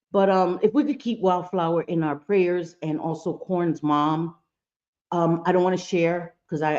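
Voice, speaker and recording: A woman's voice: lowish voice, darkish tone. A woman in her fifties hosting a casual livestream chat, blunt and profane, laughing often as she talks. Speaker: livestream host. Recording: dull lo-fi stream audio.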